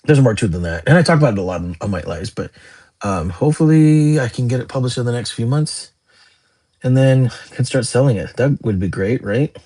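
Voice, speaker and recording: Hosting his livestream, a young man chats and responds to viewer comments in a rambling, animated, brisk manner. His medium-pitched voice is mellow with a breathy edge.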